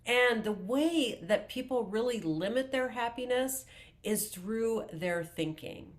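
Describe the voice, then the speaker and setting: A woman life coach talking to camera in a self-help video, explaining calmly and deliberately with a few restarts. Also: a little high. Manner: calm, slow, deliberate explaining with filler restarts.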